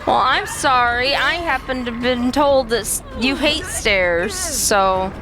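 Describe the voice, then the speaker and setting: A woman streaming a game live and commenting as she plays, excitable and laughing often as she talks to her chat. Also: fairly high pitch, slow pace. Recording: game music playing clearly behind.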